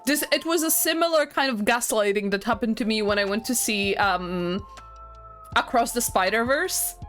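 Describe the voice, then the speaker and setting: A woman streaming a game, chatting casually with her viewers in an excitable, talkative way that often breaks into laughter. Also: on the high side, moderate pace, faint music behind.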